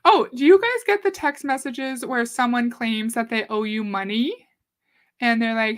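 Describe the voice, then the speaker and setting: A woman's voice: fairly high pitch, moderate pace. A woman from Canada hosting a casual livestream, chatting with viewers, reading their comments aloud and swearing now and then. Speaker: livestream host. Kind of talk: casual live-stream talk.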